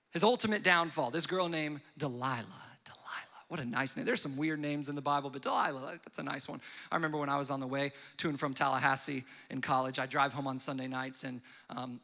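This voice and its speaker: A man's voice: a little high, pushed and bright, long reverb tail. A young man preaching a sermon as a pastor, telling a story and briefly acting out its characters. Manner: storytelling with quick acted-out voices and asides. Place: church hall.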